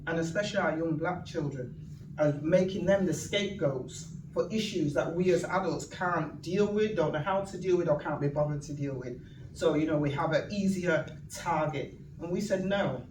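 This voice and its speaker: The recording, made with a distant mic in an echoey event venue room, picks up audience noise around a sixty-something woman from northern England. Her voice is lowish, and as the guest speaker she tells animated, comic stories, voicing the characters she quotes.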